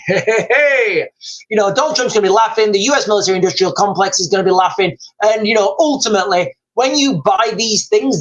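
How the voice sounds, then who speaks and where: A man's voice: high-pitched, dull audio. Rambling British man hosting a livestream. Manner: rambling and chatty, keeps saying "guys" and "like". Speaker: livestream host. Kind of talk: live-stream news commentary.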